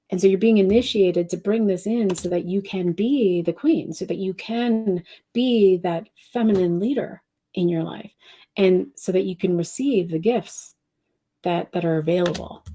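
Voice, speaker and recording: A woman giving an intuitive live-stream reading, speaking softly and directly to viewers, wandering between thoughts. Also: lowish voice. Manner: reads out viewer questions. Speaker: intuitive reader and channeler.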